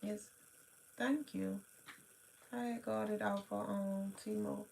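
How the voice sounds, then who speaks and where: A woman's voice: mid-range voice, little pitch movement, gravelly, a little mellow, a little hiss or hum. Sleepy drawling woman livestreaming late at night. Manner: slow, drawling, rambling talk with sighs and yawns. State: tired and sleepy. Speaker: livestream host.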